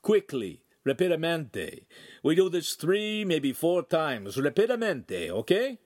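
A man's voice: fairly high pitch, sing-song, takes it slowly, a little mellow, voice pushed up, heavily acted. Man voicing a bossy Italian master craftsman. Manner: broken English, coaxing and bossy. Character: cheerful bossy male lens-making master craftsman.

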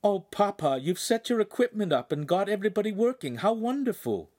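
A man's voice: sits high, sing-song, a little fast, darkish tone, voice pushed up. A man voicing a cheerful young daughter greeting her father in an audiobook. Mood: fond.

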